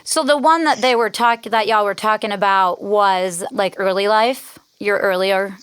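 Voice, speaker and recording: A woman's voice: mid-range voice, measured pace, a bit bright, clean tone, no echo. A woman hosting a podcast interview, bubbly and friendly, laughing easily as she talks casually. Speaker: podcast host.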